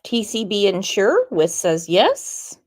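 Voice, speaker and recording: A woman's voice: medium pitch, wildly swooping pitch. A woman hosting a true crime channel, talking casually and reading viewer comments aloud. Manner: unhurried, chatty, reads viewer comments aloud. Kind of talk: casual live-stream commentary.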